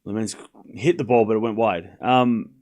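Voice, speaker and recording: A man's voice: lowish voice, moderate pace, lo-fi sound. Casual young man calling tennis live. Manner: relaxed, teasing with chat, breaks into laughter. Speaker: streamer doing live tennis watchalong commentary. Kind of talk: casual live play-by-play commentary.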